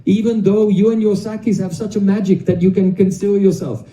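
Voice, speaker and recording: A man voicing a young divine cowherd hero, eager and pleading, in his own high voice. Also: fairly even intonation, a little fast, mellow, echoey room, recorded from a distance, lightly acted, rough recording. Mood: boastful.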